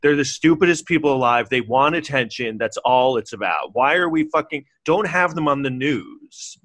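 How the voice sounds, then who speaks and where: A man's voice: mid-range voice, expressive, normal speed, a bit bright, no echo. Exasperated ranting man, dry sound. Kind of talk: casual chat.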